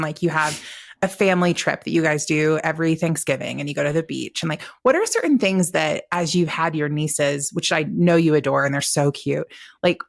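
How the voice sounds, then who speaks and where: A woman's voice: sits low, creaky. A woman hosting a podcast, chatting with a friend in a loose, playful way full of likes and ums. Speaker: podcast host. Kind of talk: casual conversation.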